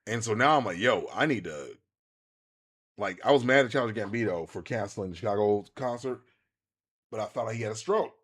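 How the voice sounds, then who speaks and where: A man, chatting casually to viewers while streaming a game, rambling and animated with many restarts. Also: lowish voice, quick pace. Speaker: gaming streamer. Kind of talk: casual live-stream chat while playing.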